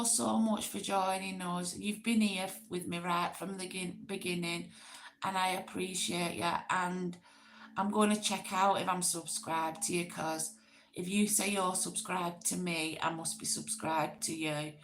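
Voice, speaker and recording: Chatty Greater Manchester woman, creaky voice. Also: medium pitch, fairly even intonation, measured pace. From Oldham, England. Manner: chatty, rambling with fillers and restarts. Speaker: livestream host. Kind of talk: casual live chat reading comments.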